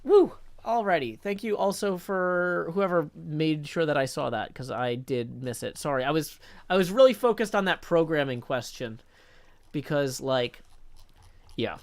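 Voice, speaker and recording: A man's voice: on the high side, lively intonation, a little slow, dry recording. Chatty man streaming live. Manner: chatty, thinks aloud, reads viewer chat. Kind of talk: casual live-stream chat.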